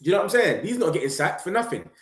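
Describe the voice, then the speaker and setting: An excitable young man runs his words together in slangy, casual live-stream chat. His voice sits a touch high for a man. The room around him gives a roomy echo. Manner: excitable, slangy, rapid run-on talk. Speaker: football vlogger streaming to viewers.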